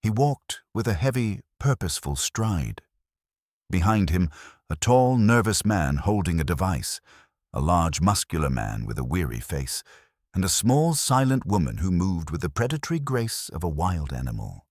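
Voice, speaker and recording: A man narrating a scripted story in a dramatic, measured way. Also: sits low, very animated, no room sound, clean studio sound.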